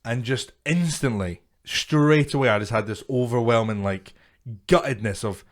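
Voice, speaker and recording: Bloke hosting a podcast, swears a lot, jokes around, rambly casual chat. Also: male voice, medium pitch, moderate pace. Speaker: podcast host.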